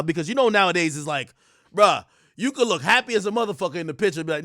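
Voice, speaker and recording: Excitable, high-voiced man ranting. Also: a little fast, no echo, studio quality. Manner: excitable, profane, laughing, loud bursts. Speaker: streamer and commentator. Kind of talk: casual rant.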